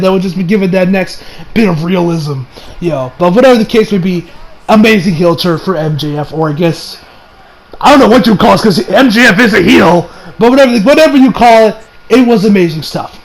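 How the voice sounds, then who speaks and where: A man giving a casual, excitable and profane wrestling review monologue, rambling with restarts. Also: high-pitched, low-quality recording.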